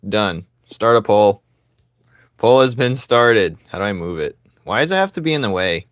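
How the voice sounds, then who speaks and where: A man's voice: lowish voice, animated, moderate pace, no echo, studio quality. A young man chatting casually with his live chat while he draws, teasing and laughing often. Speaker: streamer drawing live and reading chat.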